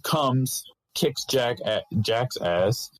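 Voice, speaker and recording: A young man guesting on a casual podcast, talking in a relaxed way with many restarts and fillers. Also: medium pitch, drawn-out words, dry recording, low-quality recording. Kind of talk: casual chat.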